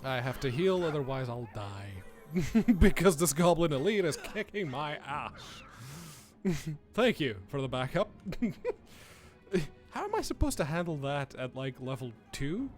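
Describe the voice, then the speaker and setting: Host, male, young adult: casual live gameplay commentary, chatty, frequent laughter, slightly raised pitch. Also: sing-song, unhurried, darkish tone, faint music behind. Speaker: streamer host.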